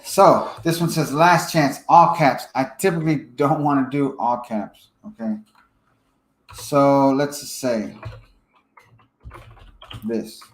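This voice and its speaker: Man, casual software tutorial, thinks aloud, checks in often, echoey room. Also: medium pitch, slow pace, pauses often. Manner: casual, thinks aloud while editing, frequent fillers and "okay?" check-ins. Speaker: software trainer. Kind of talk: screen-share tutorial walkthrough.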